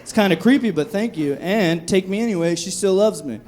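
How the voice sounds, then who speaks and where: Amid background noise, a young stand-up with a high voice talks fairly quickly through a crude, conversational club set, holding a handheld mic and mimicking drunk voices.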